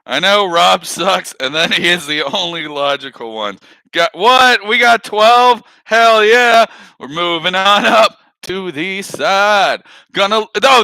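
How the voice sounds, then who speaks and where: High, bright-voiced swearing streamer man. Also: animated, takes it slowly, dry recording, rough recording. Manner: profane, laughs often, rambling. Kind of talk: casual live-stream commentary.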